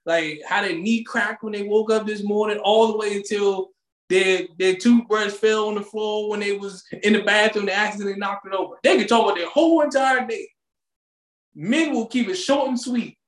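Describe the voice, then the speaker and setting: A man co-hosting a podcast, chatting casually with slangy, animated storytelling. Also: high voice, normal speed, reverberant. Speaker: podcast co-host. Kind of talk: casual chat.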